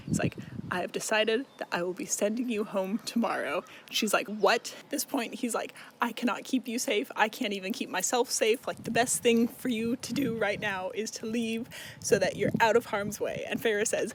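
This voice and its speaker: A man's voice: sits high, a little hiss or hum. Rambling young man recapping a book. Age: young adult. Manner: rambling, filler-heavy, swears, laughs often.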